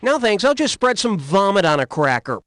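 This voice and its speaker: A man's voice: sits high, big pitch swings, normal speed, a little hiss or hum. A man playing a brash, jokey game show host, hosting a comedy quiz with wisecracks. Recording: game audio over loud music.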